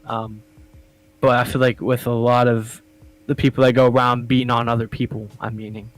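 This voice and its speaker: A man's voice: mid-range voice, flat delivery, normal speed, rough recording. Loose, profane young man chatting. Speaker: podcast co-host. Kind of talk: casual chat.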